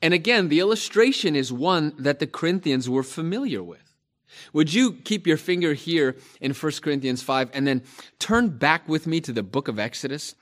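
A male pastor preaching a sermon, slow and emphatic, repeating key phrases for stress. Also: fairly high pitch, animated, fairly bright tone.

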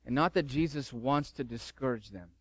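A man's voice: medium pitch, moderate pace, dry recording. A middle-aged man preaching a sermon as pastor, fervent and emphatic, repeating key phrases.

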